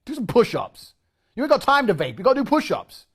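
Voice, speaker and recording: A man's voice: very high voice, huge pitch swings, a little fast, breathy edge. A man ranting in a brash, combative and mocking way, with a lot of swearing. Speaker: media personality. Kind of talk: brash profane rant.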